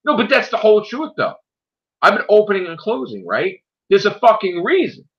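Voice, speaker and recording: A man hosting his online show, talking in a loud, profane, animated rant in casual chat. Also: high voice, brisk. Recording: dull lo-fi sound.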